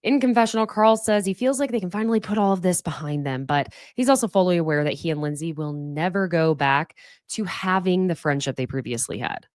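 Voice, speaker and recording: A woman hosting a reality TV recap podcast, giving animated, sassy commentary with big jumps in pitch. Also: fairly quick, no room sound, clean studio sound. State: sniffly from allergies. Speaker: podcast host.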